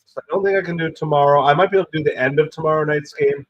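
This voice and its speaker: A man with a hoarse, stuffy voice from a cold hosts a relaxed live stream and chats his way through the game. He rambles between stats and plays, and gets excited over close pitches. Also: rapid-fire, dull audio. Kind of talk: casual play-by-play chat.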